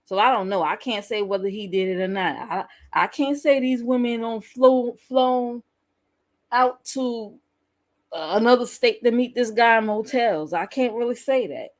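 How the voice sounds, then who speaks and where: A woman with a fairly high voice hosts a casual reaction commentary. She speaks bluntly and candidly, swearing and laughing freely. Her delivery feels like an unscripted chat with viewers. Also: normal speed. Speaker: YouTube commentary host.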